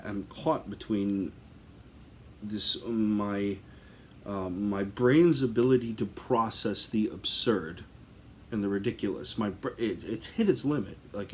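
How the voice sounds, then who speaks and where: A man hosting a podcast drifts through a comic tale at an unhurried pace, his voice sitting a bit low. He rambles, piles on fillers and keeps breaking into laughter. A faint hiss sits under the recording. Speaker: podcast host. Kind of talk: casual comic storytelling.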